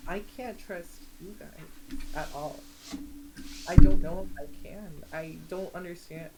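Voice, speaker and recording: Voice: mid-range voice, very noisy, lightly acted. A player voicing a troubled young woman who is torn about her family, speaking in a pleading, hesitant way.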